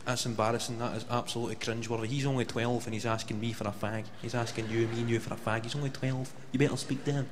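A man's voice: mid-range voice, flat delivery, fast, hardly any pauses, slight background noise, lightly acted. A man voicing an embarrassed, fussy mother. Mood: fretting. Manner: hushed, fretting. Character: embarrassed fussy Scottish mum.

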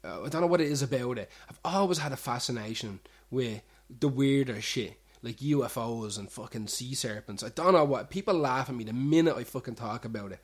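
A man's voice: mid-range voice, a little fast, hardly any pauses, breathy edge. A young man hosting a show, rambling casually with lots of restarts and swearing. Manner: chatty, frequent restarts and swearing. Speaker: show host.

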